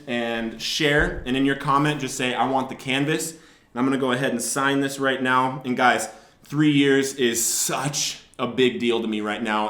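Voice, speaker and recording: A man's voice: medium pitch, roomy sound. A young man hosting his own show, telling his personal story of addiction and recovery to the camera with strong emotion. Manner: emotional, rising to loud shouting in places. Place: Billings, Montana area.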